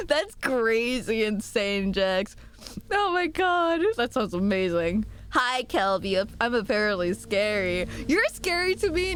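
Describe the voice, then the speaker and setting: A young woman streaming and chatting casually with viewers, giggly and animated. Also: slight background noise. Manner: giggly and animated, quick jumps in pitch. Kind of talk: casual chat reading viewer messages.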